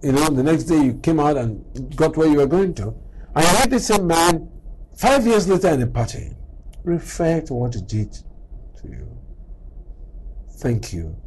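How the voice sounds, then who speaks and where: A man's voice: medium pitch, slight background noise, low-quality recording. A middle-aged man giving a motivational talk on character, telling stories and acting out little exchanges as he goes. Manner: animated, acts out little dialogues. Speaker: speaker on character.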